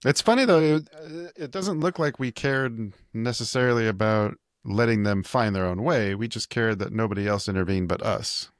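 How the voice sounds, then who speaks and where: A man's voice: on the low side, normal speed, few pauses, no room sound, studio quality. A man co-hosting a casual history podcast, chiming in with short teasing remarks. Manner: teasing, brief interjections. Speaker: podcast co-host.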